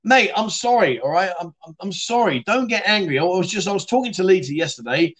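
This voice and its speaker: A man's voice: high-pitched, lively intonation, brisk, fairly bright tone. A man hosting a casual livestream, chatting, teasing viewers and laughing as he reads comments. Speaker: livestream host. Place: bar city in Thailand.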